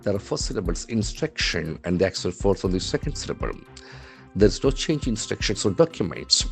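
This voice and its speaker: A man with an Indian English accent teaching English words from a newspaper, spelling them out letter by letter and repeating each word slowly. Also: deep voice, big pitch swings, creaky, soft background music. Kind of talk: newspaper vocabulary lesson.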